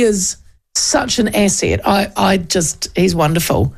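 A woman's voice: medium pitch, unhurried, vocal fry, slightly rough. A New Zealand woman in her fifties, hosting a casual radio chat in a chatty, storytelling way with lots of restarts. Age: 50s. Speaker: radio host. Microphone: studio mic with headphones.

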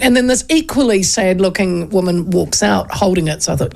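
A woman with a New Zealand accent, a radio host telling a chatty, animated story and putting on voices for the people in it. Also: medium pitch, brisk, vocal fry. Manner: animated, chatty, acts out voices in her stories. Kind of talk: casual storytelling chat.

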